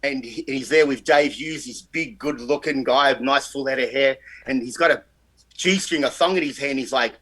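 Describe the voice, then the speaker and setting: An Australian man telling stories as a guest on a chat show, animated and swearing freely. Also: mid-range voice, moderate pace, husky, poor audio. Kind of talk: casual storytelling chat.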